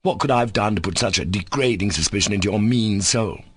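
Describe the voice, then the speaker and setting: A man voicing a furious, proud young Russian gentleman who shouts commanding accusations in an audiobook reading. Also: lowish voice, fast talker, breathy edge.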